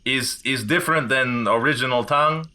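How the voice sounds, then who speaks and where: A man voicing an old male wizard with a thick accent and slow, broken English. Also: mid-range voice, sharp tone. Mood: reluctant.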